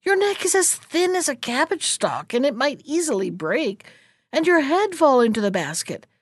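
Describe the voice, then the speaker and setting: A woman voicing a cheeky young boy at a market stall, calling out loudly in a high voice. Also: sing-song, moderate pace, no echo, clean studio sound. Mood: indignant. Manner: loud, calling out.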